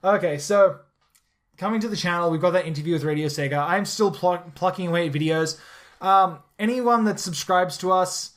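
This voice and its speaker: An eager podcast host who talks in a rush of enthusiasm. They stumble over the starts of sentences, repeat words, and keep piling on sidebars, all at a mid-range pitch for their voice type. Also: moderate pace. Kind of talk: casual podcast chat.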